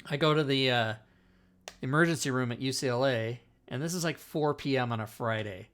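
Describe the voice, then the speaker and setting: Speaking a little fast in a medium-pitched, slightly bright voice, a male talk show host tells a story during casual storytelling chat. He meanders, uses plenty of profanity, and interrupts himself.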